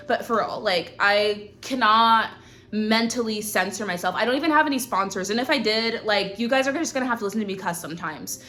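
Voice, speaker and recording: This host speaks in a mid-range voice at a moderate pace, her tone bright and forceful. Talking casually to camera in a hot room indoors, she hands out blunt, profane advice with girlfriend-to-girlfriend frankness.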